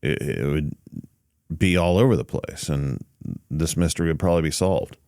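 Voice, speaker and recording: Very deep-voiced man hosting a podcast. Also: moderate pace, gravelly, a little mellow, dry recording, clean studio sound. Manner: easygoing, thinks aloud with many fillers and restarts. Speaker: podcast host. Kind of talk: casual podcast chat.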